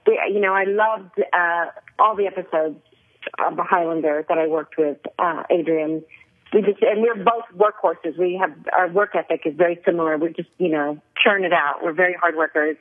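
A woman guest talking through an interview, chatty and quick to laugh, often restarting her sentences. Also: lowish voice. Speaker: actress guest. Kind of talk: casual interview over a phone line. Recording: tinny phone line.

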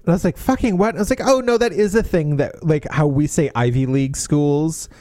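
A podcast co-host in casual chat, poking fun at a romance novel with sarcastic asides and quick character bits. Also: mid-range voice, warm tone, dry recording, clean studio sound.

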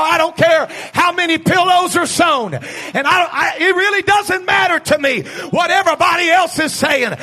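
A male pastor preaching a fiery sermon, building from talk into fervent, shouted bursts. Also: extremely high pitch.

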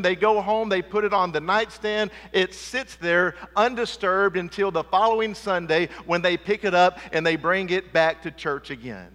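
High-voiced preacher guy, emphatic sermon, lots of church hall echo. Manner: emphatic, calls for "amen", drops low and quiet for weight. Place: church sanctuary. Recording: long church hall reverb.

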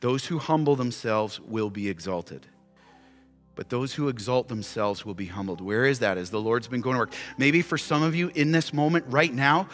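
A man's voice: medium pitch, normal speed. A man preaching as a pastor, giving an impassioned altar call full of repeated rhetorical questions. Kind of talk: sermon. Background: soft music playing.

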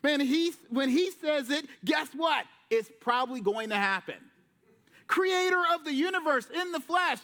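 A man preaching a sermon from a church, telling the story with lively voices and casual slang. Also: very high-pitched, unhurried. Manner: lively storytelling, acting out Jesus and disciples in slang. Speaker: pastor. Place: church sanctuary.

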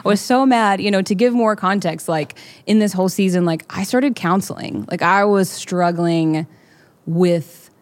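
Podcast co-host, young woman, lower register, earnest and rambling, lots of "like". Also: moderate pace. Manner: heartfelt, rambling with many fillers. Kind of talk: candid faith conversation.

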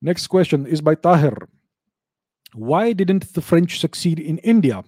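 Man explaining with restarts, warm and dry. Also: on the high side, lively intonation, breathy edge, no echo. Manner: measured, repeats and restarts phrases while explaining. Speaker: host answering viewer questions. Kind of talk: unscripted explanatory talk.

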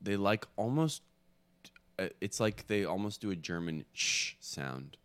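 Low-voiced man with a lively lilt. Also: no room sound. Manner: curious, quick reactions. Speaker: podcast co-host. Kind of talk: casual chat.

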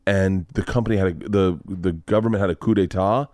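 A man's voice: deep voice, fairly quick, darkish tone, dry recording. A man hosting a podcast, telling rambling, profane stories in casual chat. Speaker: podcast host.

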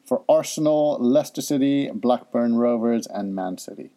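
A man's voice: medium pitch, normal speed, warm tone. A man in his forties hosting a casual chat, quizzing and teasing in a playful, jokey way. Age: 40s. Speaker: podcast host and father.

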